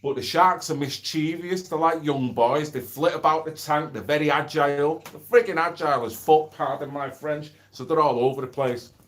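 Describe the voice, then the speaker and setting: A man's voice: fairly high pitch, steady tone, moderate pace, few pauses, fairly bright tone. A middle-aged man streaming from home, chatting bluntly, swearing freely and reading out viewer comments. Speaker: livestream host. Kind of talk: casual livestream chat.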